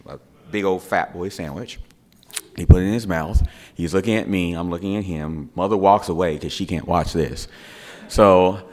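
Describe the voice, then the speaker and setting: A middle-aged man, a father, telling a family story in a casual, animated way and repeating words for effect. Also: low-pitched. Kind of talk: casual spoken anecdote.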